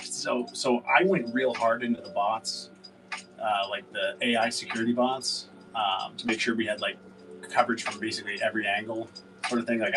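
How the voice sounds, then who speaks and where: Picked up by a distant mic amid background noise, a man with a lowish voice hosts a casual sales livestream. His talk is rambling and profane, packed with fillers.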